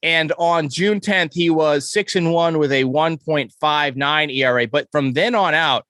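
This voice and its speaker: A man's voice: fairly high pitch, a little slow, a bit bright, no echo, studio quality. A man hosting a casual sports podcast, reeling off stats and correcting himself as he goes. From New York. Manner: stat-heavy, enthusiastic, self-correcting. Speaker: podcast host.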